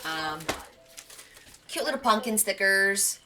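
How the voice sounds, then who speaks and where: A woman's voice: medium pitch, animated, slow pace, noisy background. Woman craft host, casual live show-and-tell, gushing and chatty; voice swoops up and down a lot. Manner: chatty, gushing over thrift finds.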